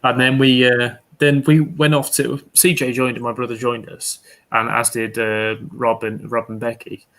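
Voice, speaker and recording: Male beer streamer, mid-pitched, loose anecdotal delivery with stumbles and curses. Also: little pitch movement, measured pace, a bit bright. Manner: rambling anecdotes full of restarts and swearing. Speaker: beer reviewer streaming with friends. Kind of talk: casual storytelling on a live stream.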